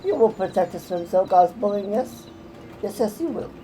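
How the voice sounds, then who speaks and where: A woman's voice: mid-range voice, expressive, moderate pace, mellow, soft background music, close to an everyday voice, rough recording. A woman voicing a frantic, cowering male kobold in a game who whines and piles up words in fear. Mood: pleading. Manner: panicky, piles up synonyms, whiny.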